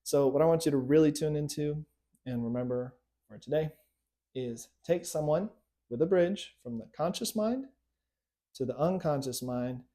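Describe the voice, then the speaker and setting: Speaking a little high at a moderate pace, with a mellow tone, this man teaches to camera as a hypnotist and coach. His lesson is conversational and peppered with "right?" and "okay?".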